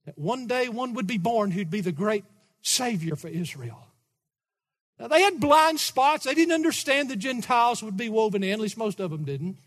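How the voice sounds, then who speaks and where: A middle-aged man delivers a sermon from the pulpit, his high voice swinging between calm explanation and sudden loud, animated bursts. The long reverb of the church hall trails behind each phrase. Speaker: pastor. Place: church sanctuary.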